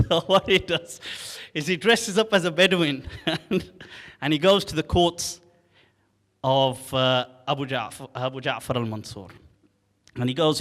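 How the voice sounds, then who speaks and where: A man giving a lively storytelling lecture at an event, speaking casually and acting out the dialogue. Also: fairly high pitch, unhurried, long pauses. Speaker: Islamic scholar speaking at an event. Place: large hall at a live event. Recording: long hall reverb.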